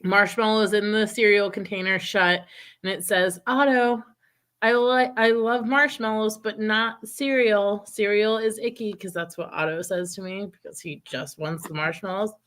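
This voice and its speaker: A woman's voice: mid-range voice, normal speed, a bit bright. A woman in her thirties chatting casually, telling stories and laughing often. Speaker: podcast co-host. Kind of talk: casual chat.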